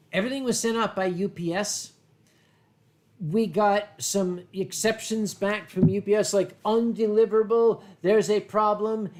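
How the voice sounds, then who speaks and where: High-voiced profane middle-aged man. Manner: profane, anecdotal, slips into funny voices. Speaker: convention chairman and show host. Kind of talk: casual drinking chat on a livestream.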